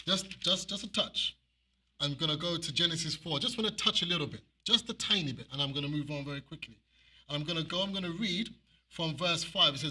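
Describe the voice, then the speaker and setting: Emphatic man preaching, bright and husky. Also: fairly high pitch. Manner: animated, emphatic, with repeated phrases. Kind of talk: sermon with scripture reading.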